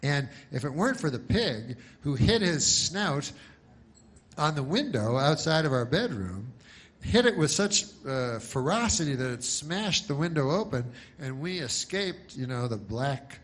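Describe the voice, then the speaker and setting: A male comedian telling a long, rambling joke in a slow, meandering deadpan with frequent fillers. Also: a little high, slight background noise.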